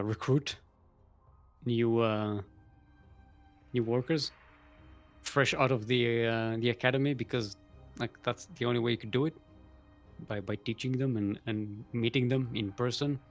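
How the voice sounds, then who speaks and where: A man's voice: mid-range voice, fairly even intonation, measured pace, long pauses, fairly bright tone, soft background music. A young man casually casting a live game tournament, chatty and rambling, laughing often and a bit out of breath. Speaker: esports caster.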